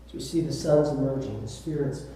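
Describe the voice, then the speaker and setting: A man's voice: medium pitch, fairly quick, warm tone, a little hiss or hum. A man with a Southern US accent preaching a sermon as pastor, emphatic, repeating words and asking "right?" of his listeners. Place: church sanctuary. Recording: very echoey room, voice from a distance.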